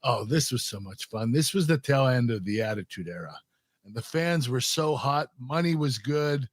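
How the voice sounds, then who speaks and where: A relaxed former wrestler chats on a podcast and laughs easily. His voice is mid-pitched and close on a dry studio mic. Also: normal speed, dry recording. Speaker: former wrestler and show host. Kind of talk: casual interview.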